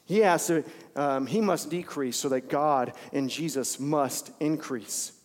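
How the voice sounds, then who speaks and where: Man, pastor, conversational sermon, slightly high voice, repeats phrases, reverberant church hall. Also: a little slow. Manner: informal, repeats phrases for emphasis, many restarts.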